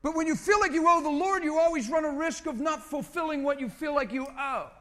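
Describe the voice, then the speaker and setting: A middle-aged man preaching, telling a personal story in an animated way and often repeating words. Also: very high-pitched, brisk. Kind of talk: sermon.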